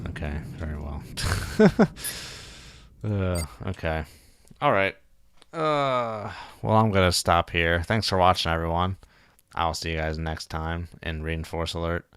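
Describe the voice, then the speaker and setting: A man's voice: deep voice, measured pace, fairly bright tone, clean tone, no room sound. A man casually thinking aloud while streaming a game, muttering and joking at himself. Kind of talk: casual live gameplay commentary.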